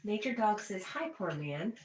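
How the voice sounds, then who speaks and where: A woman's voice: mid-range voice, sing-song, unhurried. A woman hosting a casual livestream, reading viewer chat messages aloud and chatting back. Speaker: livestream host. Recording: echoey room with faint background music.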